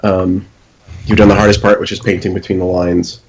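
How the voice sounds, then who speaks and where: Deep-voiced man giving painting tips. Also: brisk, breathy edge, rough recording. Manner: relaxed, advisory, self-deprecating humor. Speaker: podcast host giving miniature painting advice. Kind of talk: casual chat.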